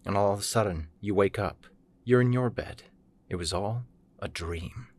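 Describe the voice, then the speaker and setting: Low-voiced man reading a scary story. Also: normal speed. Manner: plain second-person storytelling. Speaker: narrator. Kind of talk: reading a horror story aloud.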